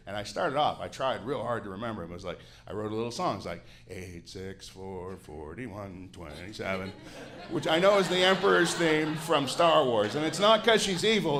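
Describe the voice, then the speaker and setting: A man's voice: medium pitch, fairly bright tone, slight background noise. A man in his forties, a Canadian comedian, doing a grouchy, sardonic stand-up set with plenty of swearing on a club stage into a handheld mic. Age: 40s.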